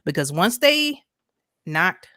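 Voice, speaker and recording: A podcast co-host with a lowish, bright, forceful voice rants over a video call, very animated though slow, hammering her points with rhetorical "right?" again and again. The audio is studio quality without echo.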